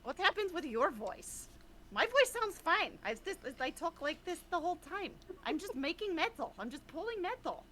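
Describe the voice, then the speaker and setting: A woman's voice: very high voice, very animated, moderate pace, sharp tone, a little hiss or hum, voice pushed up, full character voice. A woman voicing a greedy female adventurer who hoards metal and insists nothing about her has changed. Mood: defensive.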